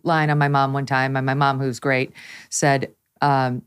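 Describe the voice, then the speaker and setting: A woman's voice: a bass voice, fairly even intonation, moderate pace, smooth. A woman hosting a call-in talk show, chatting lightly and sharing a family anecdote before bringing in a caller.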